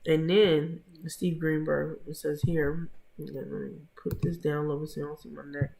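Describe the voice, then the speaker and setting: A woman hosting a casual live-stream gossip commentary, chatting to viewers in the chat by name with drawn-out asides. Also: sits low, flat delivery, vocal fry, warm tone.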